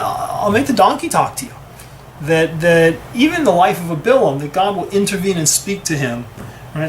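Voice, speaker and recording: A man's voice: a little high, a little hiss or hum, low-quality recording. Man teaching a casual Torah class. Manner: conversational, frequent "right?" checks, acts out quotes.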